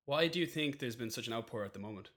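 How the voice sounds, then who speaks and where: A man's voice: medium pitch, animated, fast talker, fairly bright tone. A man hosting a podcast interview, affirming his guest and restarting his sentences as he makes his points. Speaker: podcast host.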